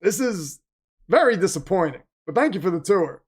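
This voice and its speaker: A man with a high-pitched, breathy-edged voice and big pitch swings hosts a live game watch-party stream at normal speed. He chats and jokes casually, reads out donations and makes fun of the team's managers.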